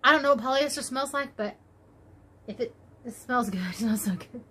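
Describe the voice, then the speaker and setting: A woman chatting casually as she unboxes yarn, gushing and exclaiming, her voice jumping high when she gets excited. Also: moderate pace, husky. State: tired after work. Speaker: crochet vlogger.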